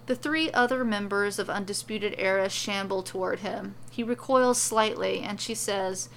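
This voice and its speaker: A woman reading a serialized story aloud as its storyteller, with steady, even narration. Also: medium pitch, moderate pace, creaky, few pauses, a little hiss or hum.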